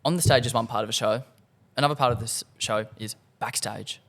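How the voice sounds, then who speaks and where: A teenage boy with an Australian accent hosting a student podcast, asking quick, jokey questions. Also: mid-range voice. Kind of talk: casual podcast interview.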